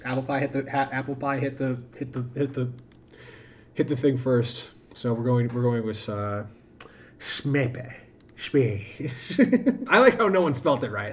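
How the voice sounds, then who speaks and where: A man's voice: medium pitch, a little hiss or hum. A man streaming a game, chatting casually and thinking aloud, often restarting his sentences. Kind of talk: casual live-stream chat.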